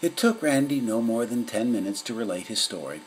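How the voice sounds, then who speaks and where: A man narrating a children's story in an expressive storytelling manner. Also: mid-range voice, brisk, slight background noise, rough recording. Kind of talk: storybook reading.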